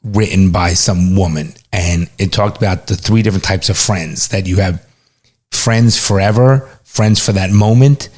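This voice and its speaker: A middle-aged man co-hosting a podcast in casual, relaxed chat, swearing freely. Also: deep voice, normal speed. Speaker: podcast co-host, father.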